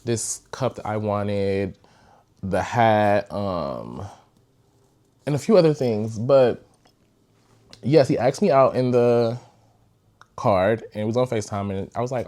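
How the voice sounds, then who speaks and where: A young man with a somewhat low voice hosts his own podcast and tells a personal story. His delivery is loose and chatty, full of fillers and animated asides. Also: takes it slowly, long pauses. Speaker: podcast host. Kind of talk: casual storytime.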